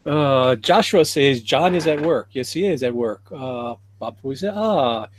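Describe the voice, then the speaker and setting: A man's voice: medium pitch, moderate pace. A man hosting a casual livestream, reading viewer comments aloud and chuckling often. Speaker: livestream host reading chat.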